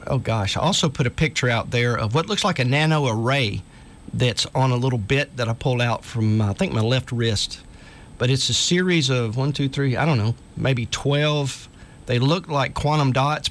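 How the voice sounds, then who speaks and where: A man's voice: medium pitch, a bit bright. A man hosting a talk radio show, speaking in an earnest, urgent way and reading articles aloud to listeners.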